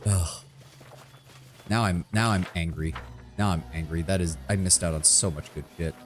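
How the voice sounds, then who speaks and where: A man streaming a game, chatting casually with viewers, excitable and profane. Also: low voice, normal speed, soft background music. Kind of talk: casual gameplay commentary.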